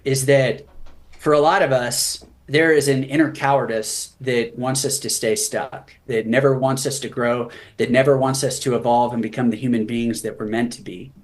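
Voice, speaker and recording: Man, mid pitch, candid storyteller, earnest with some joking. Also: fairly even intonation, normal speed. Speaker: guest, veteran author. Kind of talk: conversational storytelling.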